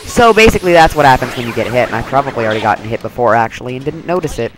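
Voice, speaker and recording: A man's voice: medium pitch, lively intonation, racing, over music, rough recording. A man giving rambling, casual commentary over his gameplay, full of "like" and "um". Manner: chatty, rambling, lots of "like". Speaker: let's play commentator.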